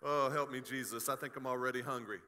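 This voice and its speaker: A middle-aged man pastor preaching a sermon, animated and joking, with frequent restarts. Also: mid-range voice, quick pace, a little hiss or hum. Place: church sanctuary.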